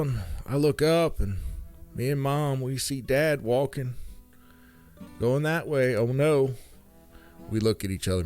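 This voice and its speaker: A man telling a funny family story in a casual, animated way, jumping in pitch as he acts out what people said. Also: clean tone. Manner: animated, acts out quotes with big pitch jumps. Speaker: storyteller comedian. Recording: faint guitar music behind.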